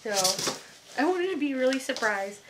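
A woman chats casually at home while reviewing toys, gushing over everything. Her voice sits high and leaps up and down with lively swings, and a faint hiss of noise stays underneath. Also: moderate pace. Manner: gushing, excitable. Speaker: toy reviewer. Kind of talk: casual chat.

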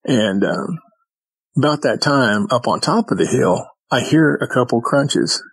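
A man's voice: mid-range voice, animated, unhurried, vocal fry, slightly rough, no echo, rough recording. A man who is a podcast guest, telling a story in casual chat and acting out the exchanges with vivid detail.

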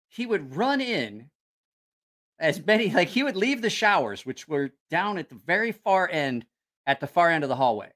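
A man rambles through a casual stream and swears freely as he answers viewers. His bright, lively voice rises and falls a lot. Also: high-pitched. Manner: rambling and profane, reacting to comments. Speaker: channel host. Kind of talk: casual livestream chat with viewers.

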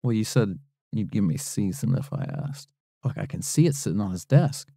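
A man's voice: on the low side, expressive, moderate pace, vocal fry, warm tone, dry recording, clean studio sound. A laid-back man co-hosting a podcast, answering trivia and swearing freely. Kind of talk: casual banter.

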